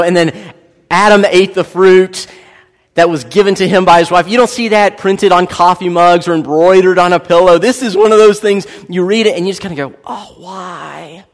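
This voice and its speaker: A man in his thirties preaching a sermon as a pastor, animated and joking as he tells a family story. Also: high voice, fairly quick. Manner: animated, joking, acts out voices in anecdotes. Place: church hall. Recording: long hall reverb.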